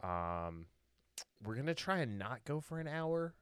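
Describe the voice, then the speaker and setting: A man's voice: mid-range voice, sing-song, a little slow, a bit bright, clean tone, dry recording, clean studio sound. A young man hosting a podcast in a laid-back, chatty way, laughing often. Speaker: podcast host. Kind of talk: casual chat.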